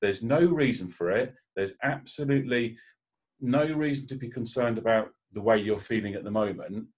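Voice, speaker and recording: A man's voice: mid-range voice, normal speed, a little mellow, breathy edge. A man, likely in his thirties, speaking as a guest on a panel, telling a candid personal story with emotion and frequent restarts.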